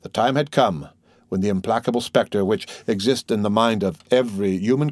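Man narrating, low and measured. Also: no room sound. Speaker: audiobook narrator. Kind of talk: scripted narration.

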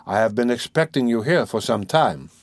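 A man's voice: medium pitch, moderate pace, no room sound, clean studio sound, lightly acted. A man reading a cold, ironic magistrate. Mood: cool. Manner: calm, cold, quietly ironic. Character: cool, ironic middle-aged male magistrate.

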